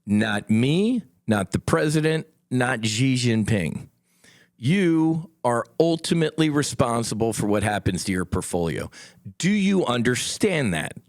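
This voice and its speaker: A middle-aged man hosts his own podcast from a studio, holding forth in a blunt, combative way and swearing freely. His pitch leaps up and drops low as he mocks and argues. The sound is dry and close. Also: very animated, measured pace, dry recording. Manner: blunt, combative, profane, folksy asides to listeners. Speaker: podcast host, former Navy fighter pilot. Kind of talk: solo podcast commentary.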